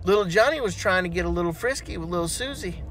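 A man's voice: high-pitched, expressive, fast talker, a bit bright, a little hiss or hum. A man telling dirty jokes, acting out the voices as a playful storyteller. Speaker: joke teller.

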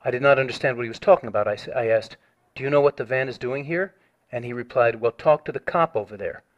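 A man on a recorded phone call, formally reading out a written complaint and pressing his point. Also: mid-range voice. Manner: measured, formal, reads a written statement.

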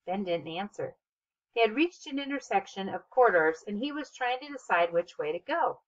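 A woman reading a children's novel aloud as narrator, with expressive, steady storytelling. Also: mid-range voice, moderate pace, dull audio. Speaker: audiobook narrator. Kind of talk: scripted narration.

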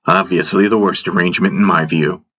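Guy reading a fantasy audiobook first person, deep voice, bright and forceful, measured delivery. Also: fairly even intonation. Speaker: audiobook narrator.

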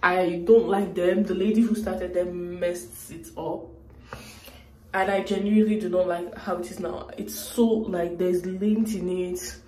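Talking directly to her viewers from home, this young vlogger from Nigeria rambles and gets emotional in her casual chat. Her voice sits on the low side with a flat, slightly slow delivery, warm in tone, and the room can be heard in the sound.

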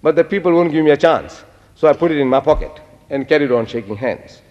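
An older man giving an animated public lecture, telling stories and quoting Arabic phrases. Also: a little high, fast talker, long reverb tail, highs cut off.

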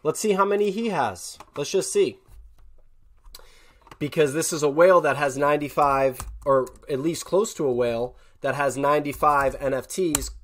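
A man hosting a screen-share commentary on collectible sales, reading prices aloud and getting worked up as he scolds quick sellers. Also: fairly high pitch, a bit bright. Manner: talks while clicking through listings. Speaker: host.

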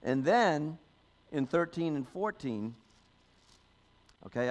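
A man's voice: a little high, animated, unhurried. A man, a pastor, giving a sermon in a conversational style, often adding "okay?" and "you know", and reading scripture aloud with emphasis.

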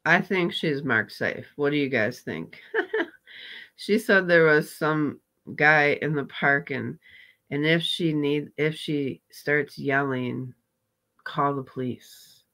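A woman hosting a live reaction stream, greeting viewers and chatting casually about her day. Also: sits low. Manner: warm greetings, laughs at clips, slow and chatty.

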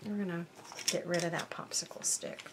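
A woman's voice: fairly low pitch, fairly even intonation, normal speed, background noise. A woman hosting a casual crafting tutorial at her workbench, chatting to viewers and thinking aloud as she works. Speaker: crafting channel host.

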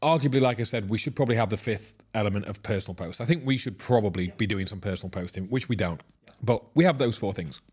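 A man's voice: lowish voice, quick pace, a little mellow, breathy edge. A man co-hosting a casual podcast in a studio, with teasing, dry banter. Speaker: podcast co-host.

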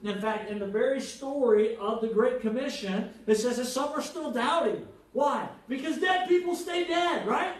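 A pastor preaching a conversational sermon, animated and joking, checking in with the congregation with frequent "right?". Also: male voice, extremely high pitch, moderate pace, few pauses. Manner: animated, jokes and acted-out quotes. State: jet lagged. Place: church hall with congregation. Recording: echoey hall, mic at a distance.

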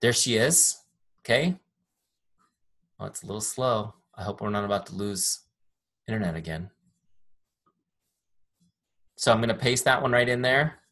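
Husky-voiced man teaching an online training. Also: fairly low pitch, expressive, normal speed, pauses often, a bit bright. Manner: upbeat, chatty, self-deprecating jokes. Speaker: software trainer. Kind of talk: live online training with screen demo. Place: home office. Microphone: desk microphone.

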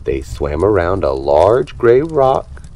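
Male storybook reader, low voice, very lively intonation, animated read-aloud for toddlers. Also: slow pace. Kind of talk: reading a children's picture book aloud.

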